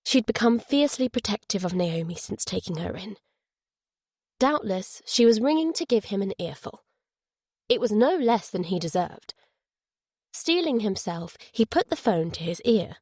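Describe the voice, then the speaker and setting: A woman's voice: mid-range voice, moderate pace, darkish tone, dry recording, clean studio sound. Woman narrating a thriller audiobook.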